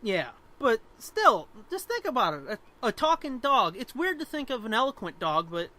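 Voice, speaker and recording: A man co-hosting a comic-book podcast in casual chat, excitable and profane. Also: very high-pitched, moderate pace. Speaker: podcast co-host.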